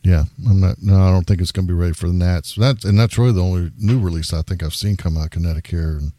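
A man with a very deep, dark voice on a group call, recorded dry and close. He answers in an easygoing, agreeable way. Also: fairly even intonation, fast talker, no echo. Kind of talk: casual group chat on a call.

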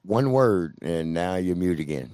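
A man's voice: low-pitched, expressive, a little slow, mellow, dry recording, studio quality. A man co-hosting a casual radio talk show, joking and teasing his co-hosts and laughing often. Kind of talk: casual banter.

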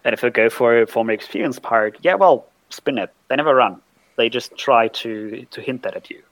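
A man with a German accent talking through tabletop game ideas in a halting way, often repeating words while he thinks. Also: mid-range voice, fairly bright tone, no echo, low-quality recording. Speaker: panelist. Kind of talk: casual tabletop game discussion.

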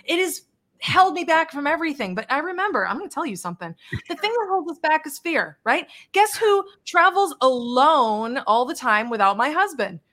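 A woman guest on a video-call interview, telling stories in a blunt, animated way with mild swearing. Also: sits high, moderate pace. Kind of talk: casual interview chat.

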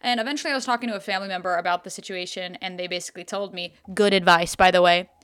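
A woman's voice: mid-range voice, racing, hardly any pauses, smooth. A young woman with a mid-range voice chats casually as a podcast co-host. She tells a story with lots of energy, swears without a second thought and laughs easily. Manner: animated, swears freely, laughs often.

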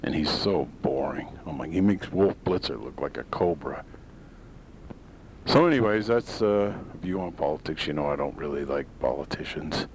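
A man with a very low, deep voice delivers a solo show monologue. He rambles and restarts, stacking "uh"s between blunt, sarcastic opinions. A faint low rumble sits behind him. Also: lively intonation, normal speed, low-quality recording. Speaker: podcast host. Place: home in Maine.

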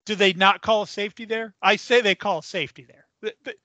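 A man's voice: high voice, fast, pushed and bright, no echo. A man co-hosting a sports podcast in a chatty way, laughing easily and restarting his sentences. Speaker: podcast co-host. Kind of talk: casual sports chat.

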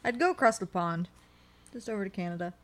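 A woman's voice: medium pitch, lively intonation, fast talker. Young woman podcast co-host; sarcastic, blunt, swears a lot; casual chat.

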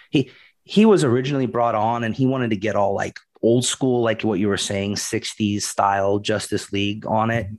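A man co-hosting a podcast in casual chat, talking in a laid-back, slangy way and laughing often. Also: fairly low pitch. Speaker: podcast co-host.

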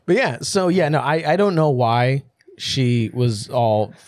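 A man's voice: medium pitch, animated, measured pace, no room sound, studio quality. A young man co-hosting a podcast, chatting crudely and animatedly about a film's plot and quoting characters. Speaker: podcast co-host. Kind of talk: casual chat.

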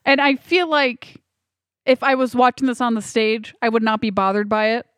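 A woman's voice: on the high side, moderate pace, no echo, studio quality. A woman co-hosting a podcast, recapping scenes in a casual, exasperated chat. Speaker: podcast co-host. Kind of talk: casual movie review chat.

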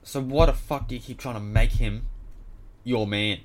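A man's voice: medium pitch, fairly even intonation, normal speed, slight background noise. A man with an Australian accent hosting a casual sports show, ranting bluntly and swearing heavily. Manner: heavy swearing, blunt and exasperated. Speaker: podcast host.

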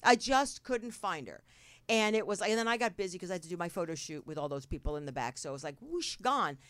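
A middle-aged New Jersey woman with a New Jersey accent hosts a talk show, chatting casually in a brash, rambling, swearing style. Her voice is lowish and fairly bright, she talks fast, and the recording is dry.

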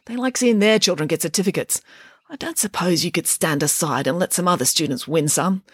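A woman's voice: lowish voice, fairly quick, husky, no echo, studio quality. A woman reading aloud and voicing a pompous, blustering male headmaster who exclaims indignantly. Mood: pleading.

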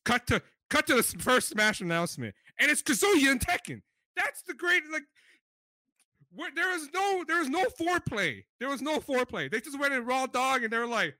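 A young man co-hosting a podcast in casual chat, excitable and profane, often laughing. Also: very high voice, a little fast, dry recording. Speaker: podcast co-host.

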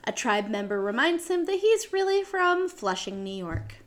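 A woman's voice: high-pitched, very animated, normal speed. A woman co-hosting a podcast, reading out a show synopsis from a script with small slips and self-corrections. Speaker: podcast co-host.

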